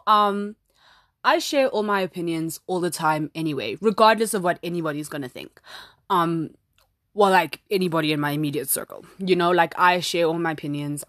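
A woman's voice: on the low side, no echo, clean studio sound. A young woman hosting her first solo podcast, chatty and dramatic, full of "like" fillers. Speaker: podcast host. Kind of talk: casual solo podcast chat. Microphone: phone app recording.

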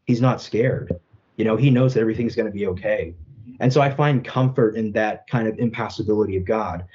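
A man's voice: lowish voice, a little fast, a little mellow, dull audio. A young Catholic apologist man, speaking earnestly and thoughtfully in an interview, often adding "right?" and "you know". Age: young adult. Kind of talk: reflective interview conversation.

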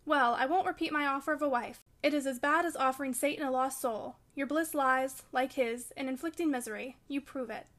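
A woman's voice: high-pitched, fairly quick, hardly any pauses, a bit bright. A woman reading the part of a proud, fiery young lady of the house in an audiobook, scolding and commanding. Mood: imperious. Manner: imperious and scolding.

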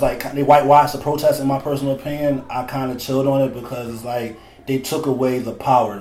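A man from Philadelphia hosting a casual podcast, rattling through profane stories at a quick clip. His voice sits at a middle pitch and rings a little in a roomy space. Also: darkish tone. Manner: profane, storytelling, quick-talking. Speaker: podcast host.

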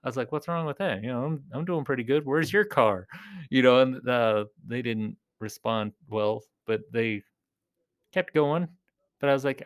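A man's voice: medium pitch, moderate pace, clean tone. A man hosting a collecting vlog as a clown persona, rambling casually and talking straight to his viewers. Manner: chatty, rambling, talks to viewers as "you guys". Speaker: clown character host of a collecting show.

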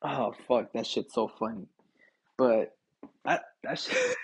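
Young man, husky, animated pitch, casual podcast rant, swearing, laughing, says dude. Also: slow pace, long pauses. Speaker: podcast host.

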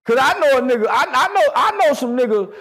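A man taunts and boasts in crude comedic banter. His voice sits very high for a man, and his pitch swings animatedly through each line. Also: big pitch swings, brisk, fairly bright tone.

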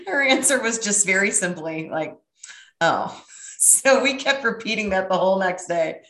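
A middle-aged woman telling a brash, profane, animated story in casual chat. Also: medium pitch, moderate pace, echoey room.

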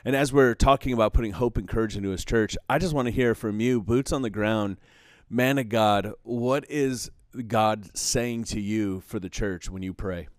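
A man with a low voice hosts a podcast interview and cheers his guest on with quick affirmations. He is recorded close and dry, with no echo. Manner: warmly affirming, quick to say "come on" and "wow". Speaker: podcast host. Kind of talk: interview conversation.

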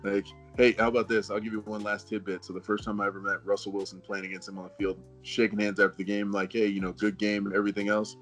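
A man in his forties speaks with a fairly low voice in an easygoing way. He tells stories and often breaks into chuckles as a relaxed podcast guest. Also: fast, few pauses, soft background music. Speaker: guest, former football player. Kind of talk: casual podcast chat.

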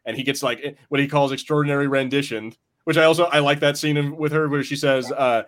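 American guy, podcast co-host, casual joking chat, mid-pitched voice. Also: fairly even intonation, fast talker, few pauses, a bit bright. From United States. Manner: loose, joking, swears freely.

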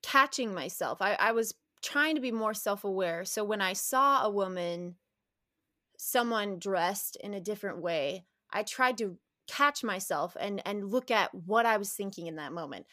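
Animated and candid, this female interview guest frequently laughs and starts her sentences over. She speaks a little slowly at a medium pitch, in studio-quality audio with no room sound.

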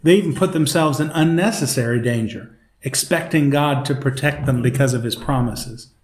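A man's voice: medium pitch, normal speed. A man leading a Bible study, reading a devotion, praying and teaching in a conversational way. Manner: conversational, with fillers. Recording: roomy echo, faint noise.

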